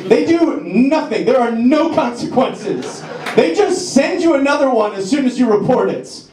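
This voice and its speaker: High-voiced man doing wry stand-up. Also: lively intonation, a little mellow. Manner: wry, self-deprecating, does quick voices for jokes. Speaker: stand-up comedian. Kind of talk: stand-up set. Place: comedy club stage before a live audience. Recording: echoey club with crowd laughter.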